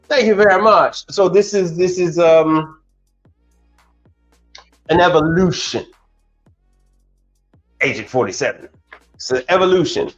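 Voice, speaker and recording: A commercial appliance technician chats casually on a livestream, telling stories animatedly, repeating words and laughing often. His voice is on the high side, with a measured pace and frequent pauses. The audio is slightly dull, with faint music in the background.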